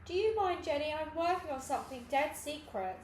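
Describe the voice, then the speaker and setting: Woman voicing a cheeky, brash girl. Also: fairly quick. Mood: indignant. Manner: excitable, high and loud. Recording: echoey room with faint noise.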